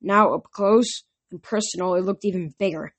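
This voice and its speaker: A woman's voice: lowish voice, moderate pace, husky. Woman narrating a story aloud. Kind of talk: audiobook narration.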